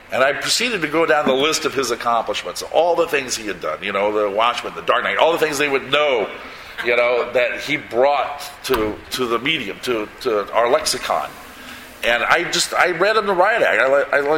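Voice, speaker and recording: A man's voice: medium pitch, lively intonation, normal speed, background noise. A man in his sixties, a comic book artist, telling rambling stories to a live audience with frequent restarts and laughter. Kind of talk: anecdotal storytelling to a live audience. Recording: roomy, echoey hall sound.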